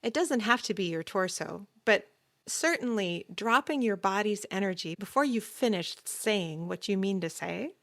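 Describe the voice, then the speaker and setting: A woman hosting a podcast voice lesson, explaining calmly and demonstrating sounds. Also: on the low side, dry recording, studio quality. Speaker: voice teacher.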